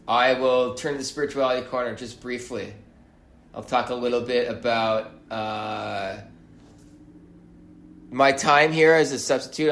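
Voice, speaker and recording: A man hosting a solo podcast, talking in a wry, musing way and often pausing to hesitate. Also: mid-range voice, a bit bright, echoey room. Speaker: podcast host.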